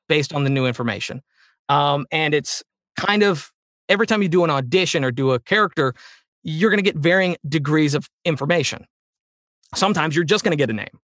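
A man talking as a guest in a casual interview about voice acting, with animated high energy. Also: dry recording, clean studio sound. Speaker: voice actor guest.

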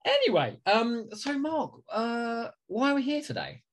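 A man's voice: very high voice, big pitch swings, measured pace. A man co-hosting a podcast in casual comedic chat, teasing his partner and giggling often. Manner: teasing, giggly, playful banter. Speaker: podcast co-host.

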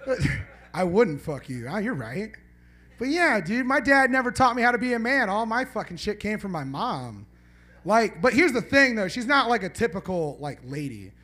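A man in the middle of a loose stand-up set at a small club, talking high and swooping all over his range. He wanders off his jokes, swears freely and keeps teasing people in the audience. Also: sing-song, normal speed, bright, forceful tone. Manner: rambling, profane, bantering with the audience. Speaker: stand-up comedian. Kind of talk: live stand-up set with crowd banter. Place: small live comedy venue.

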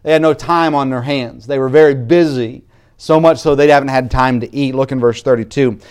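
A preacher delivering a sermon, his voice sitting at a middle pitch for a man. He reads scripture aloud in King James wording. He moves between soft, reflective stretches and louder, raised emphasis. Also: fairly quick, clear, resonant tone.

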